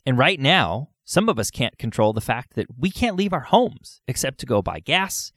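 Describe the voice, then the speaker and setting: An earnest man in a solo podcast monologue, speaking at a middling pitch. He poses rhetorical questions to his listeners. He is close to the mic, and the sound is dry. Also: big pitch swings, moderate pace, fairly bright tone, dry recording.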